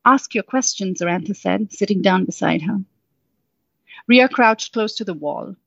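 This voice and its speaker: A woman's voice: medium pitch, measured pace, vocal fry, no room sound. Woman reading a storybook aloud. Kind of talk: storybook narration. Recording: dull, dry sound.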